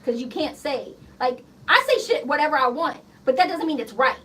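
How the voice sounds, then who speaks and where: A woman in her thirties, a guest on a radio show, telling stories in a blunt, profane, animated way. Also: high voice, fairly quick. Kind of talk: casual interview chat. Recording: slightly distant mic with faint background noise.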